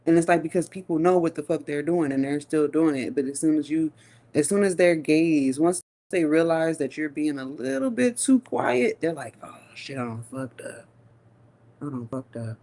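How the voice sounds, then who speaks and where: A woman giving a live tarot reading, musing slowly with long hums and pauses, and talking in a casual, profane way. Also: sits low, dark tone. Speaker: tarot reader.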